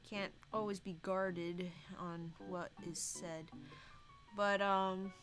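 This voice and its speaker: A woman chatting casually on a live stream while she draws, sleepy and soft-spoken, rambling to herself. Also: medium pitch, steady tone, takes it slowly, over music. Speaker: artist livestreaming her drawing. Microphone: desk microphone.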